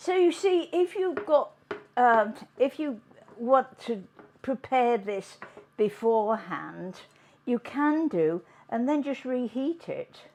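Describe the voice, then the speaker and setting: A woman hosting a home cooking demonstration, chatting in an unhurried way as she works in her kitchen. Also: a little high, animated, darkish tone, slight background noise. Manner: chatty, unhurried, talks while working. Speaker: cooking show host.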